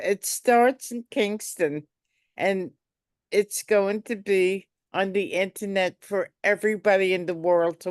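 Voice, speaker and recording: Female podcast host, low-pitched and slow, supportive, dry room. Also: no echo. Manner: brief, supportive responses. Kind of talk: interview.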